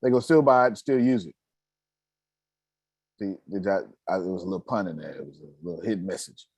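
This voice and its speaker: A man hosting a casual chat, talking in an animated way, often laughing and poking fun at himself. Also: low-pitched, brisk, breathy edge, dry recording. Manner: animated, laughing, self-mocking. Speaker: host.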